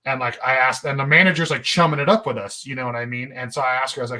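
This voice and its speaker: A man's voice: mid-range voice, steady tone, rapid-fire, hardly any pauses, pushed and bright. A young man hosting a podcast, telling a long story in a rambling, profane, laid-back way. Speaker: podcast host. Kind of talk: casual storytelling chat.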